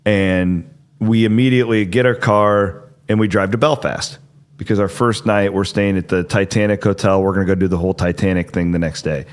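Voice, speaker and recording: A middle-aged man hosts a relaxed podcast conversation, his voice sitting on the low side. He tells long stories loosely, restarting sentences and padding them with fillers. His delivery stays casual and conversational throughout. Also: brisk, clean tone. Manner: rambling, filler-heavy, self-interrupting. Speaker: podcast host. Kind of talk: casual chat and storytelling.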